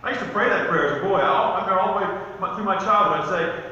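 A man preaches to his congregation in a high, bright voice, telling personal stories and rising to emphatic peaks. He is heard from a distance in a very echoey church sanctuary. The recording is slightly dull, with a faint hiss behind him. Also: racing, few pauses. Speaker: pastor. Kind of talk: sermon.

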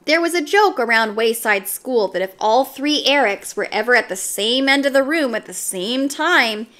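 Bright, animated woman reading a children's book. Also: a little high, normal speed. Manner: expressive, animated narration. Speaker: storybook reader. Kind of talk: children's book read-aloud.

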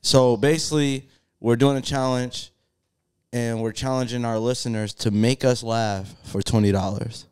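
A man's voice: mid-range voice, steady tone, moderate pace, darkish tone, clear, resonant tone. A man co-hosting a comedy podcast, teasing callers and laughing often. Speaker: podcast co-host. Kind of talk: casual comedic chat.

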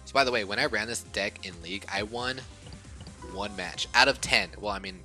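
A man giving casual commentary over a game he recorded, muttering at times and then bursting out loud, and a little short of breath. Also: on the low side, moderate pace, faint music behind. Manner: excitable, swings from mumbling to outbursts. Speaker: gaming YouTuber.

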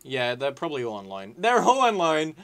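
A young man rambles through casual commentary over his gameplay. He is rowdy and sweary, jumping between excitable shouting and low muttering. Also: a little fast. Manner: rowdy, sweary and excitable, swinging to loud whining outbursts. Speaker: gaming YouTuber. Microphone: desk mic with webcam.

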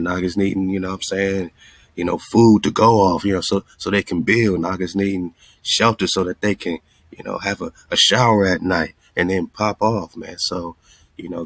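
A man's voice: low-pitched, fairly bright tone, slightly rough, no echo. A man hosting his own channel, chatting casually and rambling to viewers about a community fundraiser, dropping "man" and "you know" often. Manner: laid-back, rambling, says "man" and "you know" a lot.

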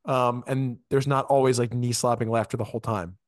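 Male podcast host, halting and casual, dry close sound. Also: mid-range voice, fairly even intonation, no echo. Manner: halting, lots of fillers. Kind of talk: casual interview.

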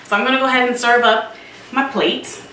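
A woman's voice: a little high, fairly even intonation, a little fast, bright, forceful tone, slight background noise. Chatty woman hosting a cooking show. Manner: chatty, addresses viewers directly. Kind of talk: casual cooking demonstration. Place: home kitchen. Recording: roomy kitchen sound, mic at a distance.

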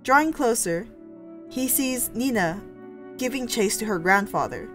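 A woman's voice: on the high side, expressive, unhurried, faint music behind. A woman narrating a story game aloud, reading dramatically and breaking in with reactive asides.

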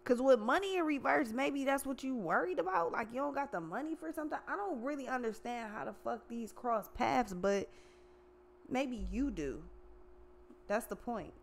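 A woman's voice: a little high, lively intonation, normal speed, creaky. Woman, tarot reader, blunt, profane, slangy, casual reading.

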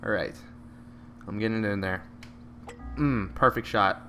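A man giving live, joking commentary over a video game, with excited outbursts at each shot. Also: fairly low pitch, a little slow, soft background music. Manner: excitable, joking, bursts out at shots. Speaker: gameplay commentator.

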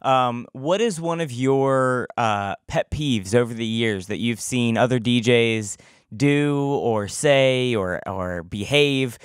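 A man's voice: mid-range voice, slow pace, clear, resonant tone, dry recording. Guy hosting a podcast, friendly curious questions, dry close sound. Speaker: podcast host. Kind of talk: casual interview conversation.

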